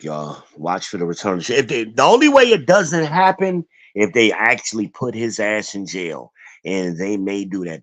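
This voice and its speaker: A man hosting a casual stream, ranting bluntly with lots of cursing and rambling asides. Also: fairly low pitch. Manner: blunt, profane, rambling rant. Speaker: channel host.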